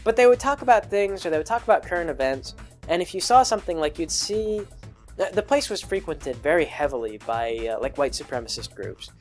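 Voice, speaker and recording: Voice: mid-range voice, sing-song, fairly quick, a little mellow, soft background music. A video creator answering patron questions in a casual, rambling monologue full of fillers and restarts. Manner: acts out quoted people in a raised voice.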